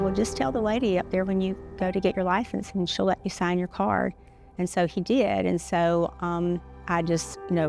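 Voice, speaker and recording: A middle-aged woman speaks low and in a flat, even tone with a gravelly edge. She tells her story haltingly, stopping and restarting often. Guitar music plays clearly beneath her voice. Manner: halting, many pauses and restarts. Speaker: interview guest. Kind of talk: personal story in an interview. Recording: music playing underneath.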